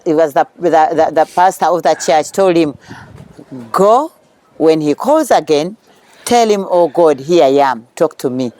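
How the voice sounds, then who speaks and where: Ugandan accent tv host, mellow warm voice, cheers the guest on, lots of amens. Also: medium pitch. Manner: encouraging, echoes the guest with amens and wows. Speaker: TV talk show host. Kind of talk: casual interview chat.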